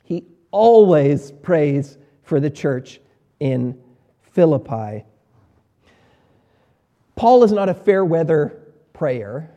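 A man preaching a sermon as pastor, emphatic, repeating key words and swinging between quiet and loud. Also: fairly high pitch, very animated, extremely slow, long pauses, highs cut off.

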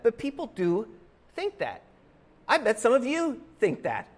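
High-voiced man preaching a sermon. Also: very animated, slow pace, long pauses. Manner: emphatic, conversational preaching with rising stresses. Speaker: pastor. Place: church sanctuary.

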